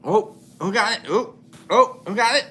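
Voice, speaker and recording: A man's voice: high voice, animated, moderate pace, a bit bright, slightly rough. A man hosting a casual livestream, chatting with viewers while he paints, laughing often and thinking aloud with many fillers. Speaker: livestream host.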